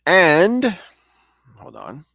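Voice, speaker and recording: A man's voice: sits high, wildly swooping pitch, drawn-out words, gravelly, bright, forceful tone, no room sound, studio quality. A man hosting and telling local ghost stories in a casual, conversational way, often restarting and correcting himself. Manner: conversational, chatty, with frequent restarts and asides. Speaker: storyteller host.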